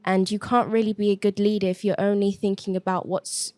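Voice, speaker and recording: A young woman from the UK talks in a family podcast chat. Her voice is mellow and dark in tone, and she sounds earnest and a little hesitant. The sound is close and dry. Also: mid-range voice, flat delivery, a little fast, no echo. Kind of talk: casual discussion.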